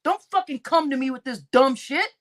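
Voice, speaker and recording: A woman's voice: high voice, normal speed. A woman hosting a livestream, ranting angrily and with lots of profanity, repeating herself. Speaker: livestream host. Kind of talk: heated livestream rant.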